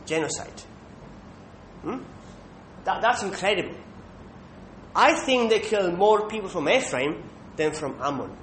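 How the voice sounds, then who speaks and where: Male preacher, high voice, emphatic sermon delivery, roomy echo with a faint low rumble. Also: fairly bright tone. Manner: emphatic, with rhetorical "Hmm?" checks. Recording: echoey room with faint rumble.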